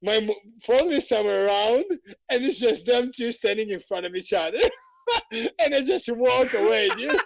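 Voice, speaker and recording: A man, a podcast guest, telling stories in a casual, animated way, laughing and swearing freely. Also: extremely high pitch, measured pace, creaky, muffled recording, a little hiss or hum. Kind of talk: casual storytelling. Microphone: podcast microphone.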